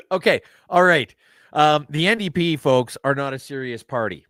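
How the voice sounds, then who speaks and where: Sarcastic talk show host, fairly high voice. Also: male voice, animated, a little slow, a bit bright, no echo, clean studio sound. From Alberta. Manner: sarcastic, reads headlines aloud, teasing. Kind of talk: casual news chat.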